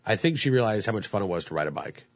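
Man, host, casual chat, low voice, calm and steady, joking, dull muffled audio. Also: rapid-fire, no echo. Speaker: podcast host.

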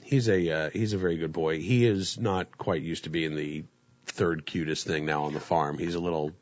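Calm low-voiced man hosting a chat. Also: normal speed, no echo. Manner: easygoing, joking, calm and steady. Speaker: podcast host. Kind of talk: casual chat. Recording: dull, muffled dry audio.

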